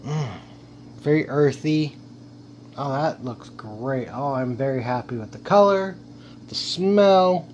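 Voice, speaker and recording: A man's voice: mid-range voice, slow, a little mellow, dull audio, a little hiss or hum. A man hosting a casual beer tasting review, playful and theatrical, savoring each sip aloud.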